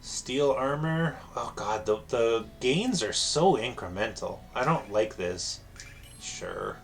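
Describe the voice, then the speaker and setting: A man's voice: mid-range voice, lively intonation, takes it slowly, creaky, soft background music. A man streaming a video game live, commenting in a wry, sarcastic way.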